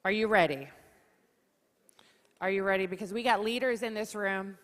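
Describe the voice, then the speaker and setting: A woman's voice: medium pitch, normal speed. A woman from New York hosting a conference on stage, joking and rallying the audience. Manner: lively, joking, rallies the audience. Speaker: conference emcee. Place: large conference hall. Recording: reverberant hall.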